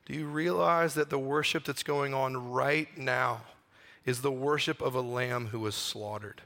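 A man preaching a sermon in an earnest way, slowing down and softening his voice on the key phrases. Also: medium pitch, steady tone. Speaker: pastor.

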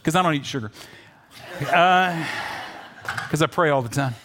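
A man pastor preaching a sermon, telling a story with animated swings between loud urging and quiet asides. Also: a little high, moderate pace, background noise.

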